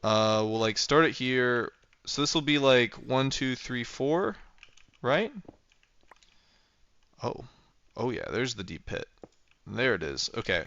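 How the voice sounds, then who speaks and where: A man's voice: mid-range voice, creaky, fairly bright tone, no echo, muffled recording. A young man livestreaming a game, chatting casually and rambling playfully as he thinks aloud while building. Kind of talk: casual gameplay livestream chat.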